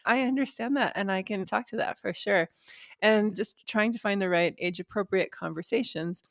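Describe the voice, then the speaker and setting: A woman's voice: mid-range voice, fairly even intonation, moderate pace, gravelly, no echo, studio quality. A woman in her forties, a podcast guest, talking about women's health in an open, frank, matter-of-fact way. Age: 40s. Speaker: guest, perimenopause advocate. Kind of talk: podcast interview.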